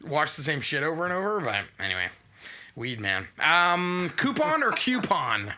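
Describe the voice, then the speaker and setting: A man hosting a podcast in casual chat, animated and quick with questions. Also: fairly high pitch, slight background noise. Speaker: podcast host.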